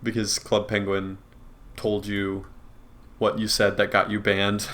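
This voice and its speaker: A man's voice: on the low side, completely flat delivery, slow pace, a bit bright. A man co-hosting a podcast in casual chat, laughing often and teasing his friends, with some swearing. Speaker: podcast co-host.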